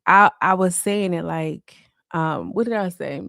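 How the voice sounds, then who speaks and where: Gravelly-voiced woman rambling on a live stream. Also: lowish voice, unhurried, fairly bright tone, no echo, clean studio sound. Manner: rambling, loose, full of "like" fillers. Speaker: livestreamer. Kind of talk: casual live-stream chat. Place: at home.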